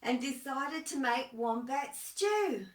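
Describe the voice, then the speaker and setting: A woman's voice: sits high, animated, slow, recorded from a distance, a little hiss or hum. A woman reading a children's story aloud expressively, asking her listeners questions along the way. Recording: echoey room, voice off-mic.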